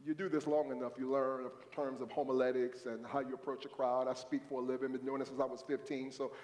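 A man's voice: medium pitch, level tone, quick pace, darkish tone. A man preaching a sermon to a church congregation, talking conversationally and prompting the crowd to respond. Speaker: pastor. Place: church sanctuary. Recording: echoey hall reverb.

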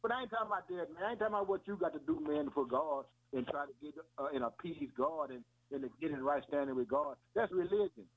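Speaking a little high and quickly, with barely a pause, a man preaches informally in a folksy manner. "Man" and "boy" pepper his talk, and he says things more than once. The recording has a tinny, phone-like radio quality.

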